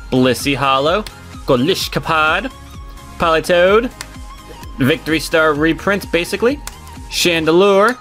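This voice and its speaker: Man, excitable, laughs and groans, lively pitch, faint music behind. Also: vocal fry. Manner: excitable, laughs loudly and groans at his co-host's jokes. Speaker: co-host opening trading cards. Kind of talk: casual chat.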